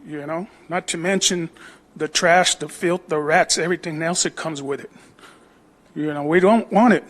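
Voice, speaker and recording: A man's voice: on the high side, normal speed, fairly bright tone. A middle-aged homeowner, a man, speaking at public comment, aggrieved and plain-spoken about a project next door. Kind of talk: city council public comment.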